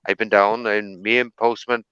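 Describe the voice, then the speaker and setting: A man's voice: fairly low pitch, level tone, normal speed, pushed and bright, smooth, no room sound. A man putting on a chummy Welsh accent, playing a cheery Welshman greeting everyone, over a dull, dry mic.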